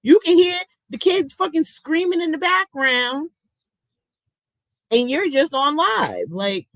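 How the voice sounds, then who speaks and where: Woman, middle-aged, livestream host; slow, blunt, sarcastic, cusses a lot, dry close sound. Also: high-pitched, sing-song, no room sound, rough recording. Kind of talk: casual livestream commentary, reading chat.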